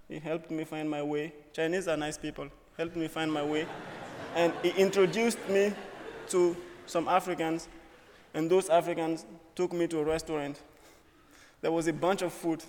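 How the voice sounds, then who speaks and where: This is a student's personal story speech given in an auditorium with a reverberant sound. The young man's voice is a little high and a little mellow, with a faint hiss or hum in the recording. He tells his tale earnestly and humorously in short bursts.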